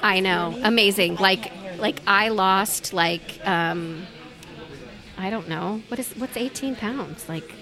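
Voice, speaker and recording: A woman's voice: medium pitch, takes it slowly. Chatty woman hosting with chatter behind. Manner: chatty, laughs often. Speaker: podcast host. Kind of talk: casual chat.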